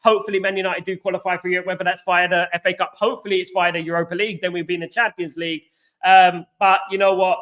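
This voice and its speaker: A man with a London accent hosts a live football fan stream, reading out viewer comments and answering them. His voice sits high and sounds bright and forceful. He talks animatedly and drops casual slang as he goes. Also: level tone, quick pace. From England. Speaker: fan channel host.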